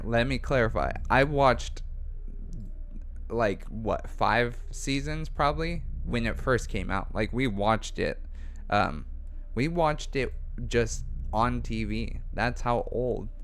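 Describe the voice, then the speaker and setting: A man's voice: lowish voice, a bit bright. A man co-hosting a casual livestream show, reading viewer comments aloud and chatting back about them. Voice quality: gravelly. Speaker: talk show co-host.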